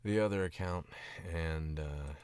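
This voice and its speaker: A man's voice: rumbling low, a little slow, darkish tone, clear, resonant tone, no room sound. A man from the American South chatting casually on a stream about his voice work, sick and sleepy, rambling with chuckling asides. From Southern United States.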